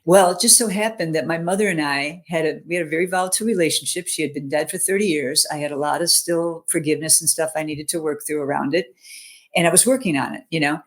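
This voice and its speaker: A middle-aged woman who works as a mental fitness coach shares a personal story in an online interview, speaking fast in a low voice. She is earnest and keeps checking in with "you know," "okay?" and "right?"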